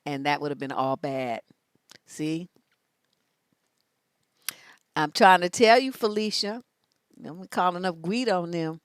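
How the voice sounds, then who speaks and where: A woman relationship coach talks to her viewers in a loose, sassy way, her voice sitting on the low side. The sound is dry and close with no room echo. She is animated and laughs easily as she gives advice. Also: unhurried, pauses often, clear, resonant tone. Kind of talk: casual live-stream advice talk.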